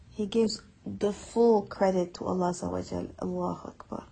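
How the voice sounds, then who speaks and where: A woman's voice: medium pitch, normal speed, gravelly, few pauses, mellow, a little hiss or hum, low-quality recording. A woman giving a conversational Quran reflection lesson, earnest and chatty, repeating words for emphasis. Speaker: Quran teacher.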